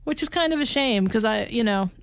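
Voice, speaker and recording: A woman's voice: fairly high pitch, expressive, a little fast, creaky, no echo. A woman co-hosting a podcast, talking through movies in a thoughtful, musing way. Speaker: podcast co-host. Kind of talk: casual movie review chat.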